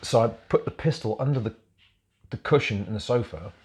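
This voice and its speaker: A middle-aged Englishman with a lowish, darkish-toned voice speaks fairly quickly as a guest on a podcast. He's a military veteran telling his story in a casual chat, blunt and darkly funny, and he swears a lot.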